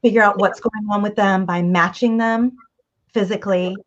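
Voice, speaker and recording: Animated woman coach on lo-fi audio. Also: medium pitch, moderate pace. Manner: animated, acts out quoted voices. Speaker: communication coach, interview guest. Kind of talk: casual advice interview. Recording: dull lo-fi audio.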